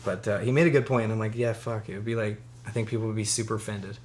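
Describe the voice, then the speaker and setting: A man's voice: lowish voice, steady tone, quick pace, a little mellow, slight background noise. A young man co-hosting a podcast in casual chat, rambling with lots of fillers, swearing and laughing often. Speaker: podcast co-host.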